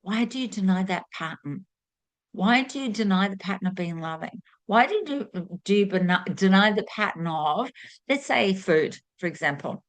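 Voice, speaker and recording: A woman speaks straight to camera as a spiritual teacher, earnest and direct. She presses on key words and circles back with rhetorical questions. Her pitch sits in a middle range. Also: expressive, normal speed.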